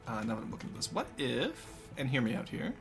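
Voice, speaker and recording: A live streamer chatting casually with chat, excitable, swearing freely and breaking into loud laughing fits. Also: medium pitch, quick pace, vocal fry, music in the background.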